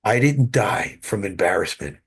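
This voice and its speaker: A man guest, an actor, telling animated stories in an interview with frequent restarts, heard over a video call. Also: on the low side, moderate pace, breathy edge. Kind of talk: interview storytelling.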